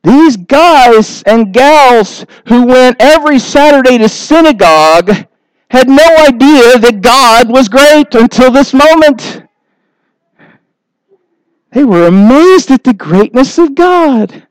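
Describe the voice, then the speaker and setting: A man preaching a sermon in a high, unhurried voice. His tone is smooth and clear, and the recording is dry and close with no room sound. He acts out people's words in short, lively asides. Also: no echo, rough recording. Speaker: pastor.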